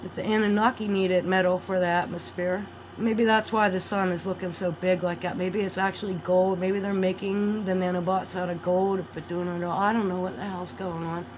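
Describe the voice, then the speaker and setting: Woman, rambling vlog monologue, loud outbursts then low mutters, faint hiss behind. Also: level tone, moderate pace, low-quality recording. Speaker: vlogger.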